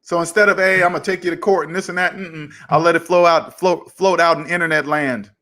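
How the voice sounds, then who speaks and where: Telling a story on his personal finance channel, a man speaks with a raised voice of fairly high pitch, a little fast. His casual, animated storytelling includes acting out both sides of an argument in quoted dialogue.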